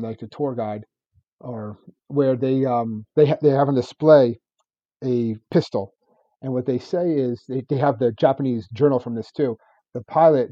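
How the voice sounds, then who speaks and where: A man in his thirties talks at a fast clip, piling up fillers and little laughs as he co-hosts a history podcast. His voice is dark and a bit husky, heard close up on a slightly muffled home mic. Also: mid-range voice, no echo. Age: 30s. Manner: rambling, laughs often, stacks fillers. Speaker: podcast co-host. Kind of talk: casual history chat.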